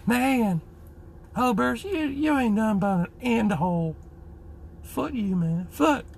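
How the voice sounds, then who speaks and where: A squeaky churchgoing Southern soldier. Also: male voice, animated, slow, gravelly, a little hiss or hum, full character voice. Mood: mock scolding. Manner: squeaky, scolding without swearing. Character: high-voiced religious Southern male Marine.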